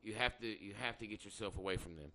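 A podcast host who works as an electrician chats casually, rambling bluntly and with plenty of profanity. His voice is fairly low, quick-paced, bright and forceful.

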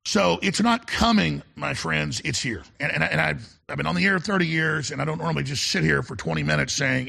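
A middle-aged male talk radio host in an impassioned monologue, with a gravelly, husky voice that still sounds bright and forceful. He speaks with urgency, repeats words and stammers through restarts. His voice sits a little high for a man. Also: lively intonation, a little fast.

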